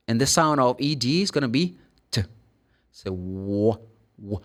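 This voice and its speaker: A man with a Brazilian Portuguese accent teaches English pronunciation. His pitch rises and falls widely as he explains. He models the sounds himself and acts out the questions students ask. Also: animated, measured pace, long pauses. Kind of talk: pronunciation lesson.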